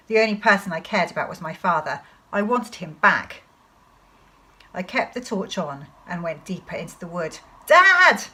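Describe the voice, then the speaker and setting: A woman teacher reading a children's novel aloud to her class in an expressive storytelling manner. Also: fairly low pitch, low-quality recording.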